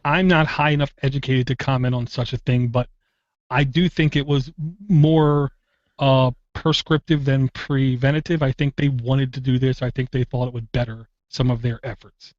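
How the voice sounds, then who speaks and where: A man's voice: medium pitch, steady tone, moderate pace, darkish tone, no room sound. A man hosting a tech podcast, chatty and wry, drifting off on tangents in casual talk. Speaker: podcast host. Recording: dull lo-fi dry podcast audio.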